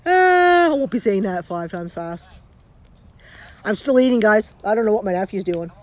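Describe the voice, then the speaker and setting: A woman's voice: medium pitch, lively intonation, moderate pace, no room sound. A Canadian woman chatting casually on a live stream from home, rambling and restarting her sentences as she talks into her phone.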